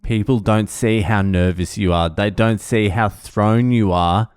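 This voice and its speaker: A man's voice: fairly low pitch, steady tone, measured pace, clear, resonant tone, dry recording. An Australian man telling a story casually, swearing often and mocking himself. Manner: sweary, self-mocking anecdote with laughs. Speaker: vlogger.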